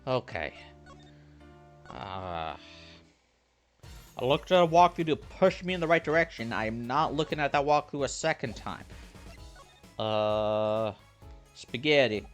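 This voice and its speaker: Animated man playing a game. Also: medium pitch, measured pace, pauses often, soft background music. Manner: animated, swears freely, reads dialogue aloud. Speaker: game streamer. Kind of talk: casual let's play commentary.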